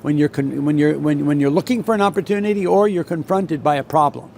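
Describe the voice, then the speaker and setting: Older New man, veteran trader, rambling storyteller, slightly high voice, faint noise behind. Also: fairly quick, creaky, darkish tone. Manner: rambling, many restarts and repeats. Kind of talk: solo talk with anecdote.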